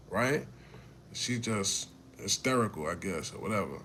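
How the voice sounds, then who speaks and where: A man casually telling a personal story to camera, animated and profane, restarting his sentences often. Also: medium pitch, moderate pace.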